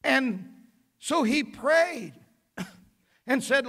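A man preaching a fervent sermon as pastor in a church, building up to shouts. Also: very high voice, big pitch swings, takes it slowly, gravelly, long pauses, husky. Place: church sanctuary.

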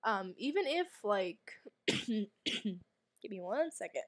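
A woman's voice: mid-range voice, big pitch swings, slow, noisy background. Jumpy woman gamer, sick and coughing. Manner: jumpy, anxious, swearing, drops to whispers. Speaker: gamer streamer. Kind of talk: let's play commentary.

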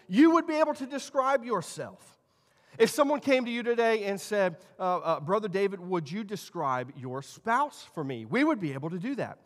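A man in his thirties preaching a sermon as pastor, telling stories and shifting between quiet asides and loud emphasis. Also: sits high. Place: church sanctuary. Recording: long church hall reverb.

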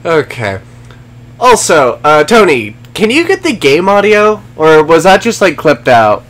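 On the high side and sing-song, this man's fairly bright voice stays unhurried. He does live gameplay commentary, profanely and sarcastically taunting game enemies and chatting with viewers.

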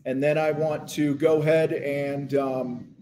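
On a live business stream about selling, a man with a fairly high but dark, flat-pitched voice talks at a measured pace. His speech is loose and casual, packed with fillers and restarts, and at times he eats while talking. It's recorded on a phone.

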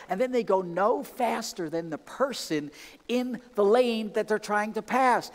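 A man preaching a sermon in a conversational, animated way, acting out excited exclamations. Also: high-pitched, unhurried, long reverb tail. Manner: animated, conversational, many restarts and acted-out exclamations. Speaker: pastor. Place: church sanctuary.

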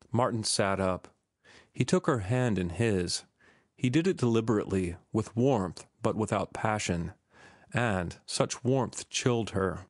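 A man narrating a classic novel as an audiobook, with a steady, even reading. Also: fairly low pitch, a little slow, no room sound, studio quality.

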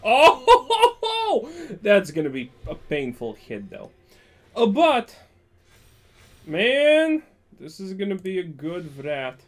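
A young man giving joking, sarcastic gameplay commentary for his channel. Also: medium pitch. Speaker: gaming YouTuber.

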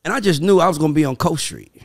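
A man hosting a casual podcast chat, excitable and repeating himself as he talks. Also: on the high side, rapid-fire. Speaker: podcast host.

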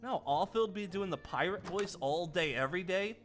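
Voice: medium pitch, animated, a little fast, soft background music, natural voice. A player voicing a scared ghost boy trapped inside a robot fox, stammering and repeating words in a playful game role-play. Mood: panicky. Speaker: roleplayer.

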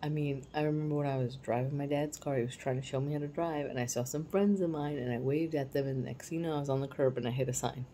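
Woman in her forties, very deep voice, mellow tone, candid casual storytelling, faint background hiss. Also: fairly even intonation, fast talker, few pauses, low-quality recording. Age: 40s. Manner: candid, reflective, drops to a soft hush at times. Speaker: parenting vlogger.

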